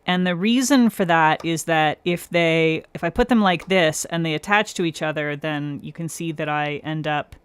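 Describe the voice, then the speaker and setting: Woman, live-stream host, smooth clear voice, dry close sound, chatty, laughs a lot, talks through each step. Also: deep voice, moderate pace, hardly any pauses, dry recording. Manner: chatty, laughs often, talks to viewers by name; explains step by step while working. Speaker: nail art livestream host. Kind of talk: casual live-stream chat.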